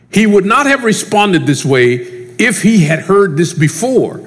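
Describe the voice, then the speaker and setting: An animated male preacher with a slightly high voice that leaps up and down in pitch. He presses his points with loud emphasis and drops to a hushed tone when he prays. His voice carries a long reverberation, as in a large hall. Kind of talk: sermon teaching.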